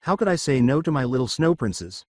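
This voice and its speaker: A man's voice: medium pitch, very animated, fast talker, no echo. A man voicing a cocky young male ninja hero who talks in a boastful, playful way.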